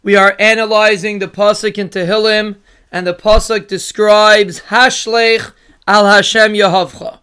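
High, smooth-voiced man teaching faith. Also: little pitch movement, sharp tone. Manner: earnest, repeats key phrases and chants verses slowly. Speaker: Torah teacher. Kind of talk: daily inspirational talk.

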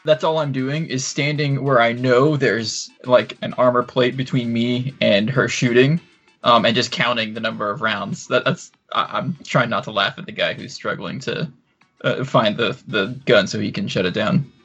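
A man's voice: mid-range voice, moderate pace, a bit bright, breathy edge, highs cut off, faint music behind. A man playing his character in a tabletop game, laid-back and amused. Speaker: player. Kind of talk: casual tabletop play.

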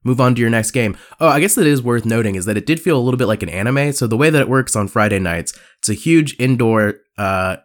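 A young man co-hosting a casual podcast, telling stories and putting on squeaky voices for the people he quotes. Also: lively intonation, quick pace, few pauses. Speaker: podcast co-host. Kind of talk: casual chat.

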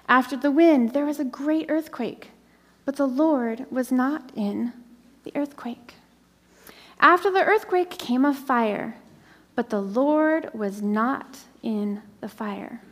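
A middle-aged woman delivers a sermon in a church sanctuary, her higher voice ringing with a long hall reverb. She speaks slowly and deliberately. She often sinks into a soft whisper to press a point home. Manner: slows and drops to a soft whisper for emphasis. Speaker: preacher.

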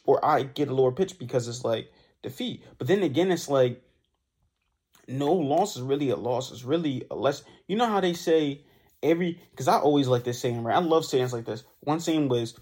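A man's voice: mid-range voice, mellow, breathy edge. A young man hosting a casual solo podcast, enthusiastic and motivational, talking through sayings and repeating them. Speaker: podcast host.

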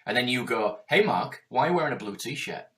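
Lively sweary Yorkshire man. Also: mid-range voice, fairly quick. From Yorkshire, England. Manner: animated, swearing, acts out quoted voices. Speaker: business coach. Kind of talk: casual podcast chat.

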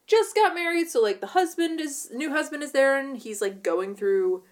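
A woman with a fairly high voice chats casually as a co-host, recapping a movie scene by scene. She jumps into exaggerated voices for the characters and swears freely. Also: animated, moderate pace. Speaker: podcast co-host. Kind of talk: casual chat recapping a film.

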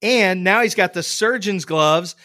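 A man's voice: sits high, unhurried, sharp tone, dry recording, studio quality. A man hosting a podcast, chatting casually with teasing, rambling banter. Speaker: podcast host. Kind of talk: casual chat.

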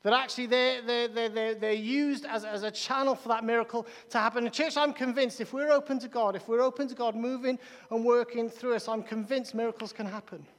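High-voiced man preaching. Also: steady tone, fairly quick. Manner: emphatic, repeats key phrases, stumbles on restarts. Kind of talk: sermon. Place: large church hall. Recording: long reverb of a large church hall.

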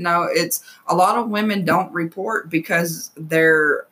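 A woman's voice: fairly low pitch, measured pace, a bit bright. A young woman co-hosting a podcast in casual chat, a mother who talks frankly in long run-on thoughts. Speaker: co-host.

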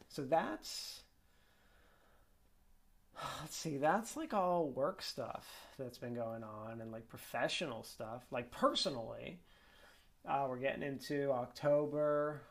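An upbeat man chats to a webcam at his desk in a loose, rambling vlog. He strings thoughts together with fillers and keeps circling back to fix his own sentences. His voice is mid-pitched and his manner is casual. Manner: rambling, upbeat, lots of fillers and self-corrections. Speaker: esports coach and vlogger. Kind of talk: casual vlog talk to camera.

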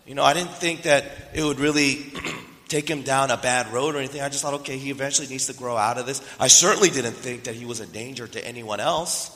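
A pastor giving a sermon, telling a story and asking the listeners questions. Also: male voice, medium pitch, quick pace, a bit bright. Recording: reverberant hall.

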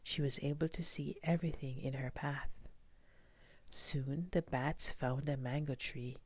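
Woman, storybook reading, low husky voice, slow, gentle, half-whispered, dry close sound. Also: fairly even intonation, no echo. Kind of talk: storybook read-aloud, partly whispered.

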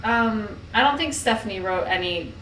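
A woman's voice: mid-range voice, lively intonation, moderate pace, fairly bright tone, recorded from a distance. A woman co-hosting a podcast, chiming in with wry quips and frequent laughter. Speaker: podcast co-host. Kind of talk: casual podcast banter. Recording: echoey room, off-mic, noisy.

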